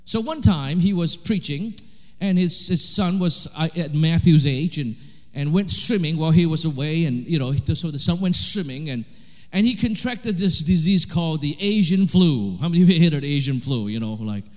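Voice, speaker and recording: A man preaching a sermon, animated, swinging between loud emphasis and quiet asides. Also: fairly high pitch, a little fast, big-room sound. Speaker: pastor.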